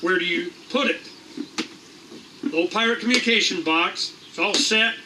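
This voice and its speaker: A man's voice: high voice, moderate pace. A middle-aged man hosting a meeting, talking in a rambling, irreverent way with casual swearing. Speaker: host of a liberty meeting. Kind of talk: animated casual talk to a room. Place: meeting room. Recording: distant mic in a room, faint noise.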